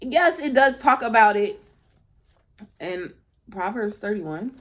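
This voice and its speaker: A woman's voice: fairly high pitch, expressive, takes it slowly. A woman who used to be a schoolteacher gives a casual spiritual talk to her viewers. She speaks candidly, swears and laughs often, and addresses them directly as "y'all.". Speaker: spiritual teacher, former schoolteacher.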